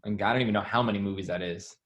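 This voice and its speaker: A man being interviewed, telling stories in a chatty, animated way with lots of "like". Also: lowish voice, very fast. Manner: chatty, animated, heavy use of "like". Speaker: interview guest, former assistant. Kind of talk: casual storytelling interview.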